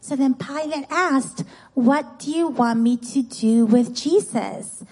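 A woman teaching children in church, telling a Bible story in a lively way and often checking in with "right?" and "guess what?". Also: high voice, takes it slowly, rough recording. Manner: animated, keeps asking "right?" and "guess what?".

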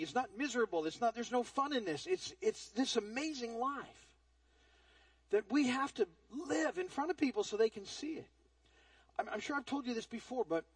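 A man's voice: very high voice, breathy edge, no room sound, recorded from a distance, poor audio. A man preaching a sermon as pastor, earnest and conversational, often repeating words as he starts a phrase.

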